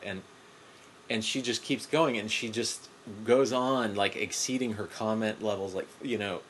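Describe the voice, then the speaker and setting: Podcast co-host, male, low voice, rambling anecdotes, profane, home recording with slight hiss. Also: steady tone, measured pace, fairly bright tone, low-quality recording. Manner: rambling storyteller, swears freely. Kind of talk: casual profane chat. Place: home room with cats around.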